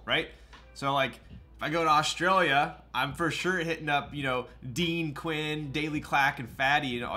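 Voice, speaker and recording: Chatting loosely on a live stream, a man reads his viewers' questions and answers them as they arrive. His voice is on the high side with a sharp tone.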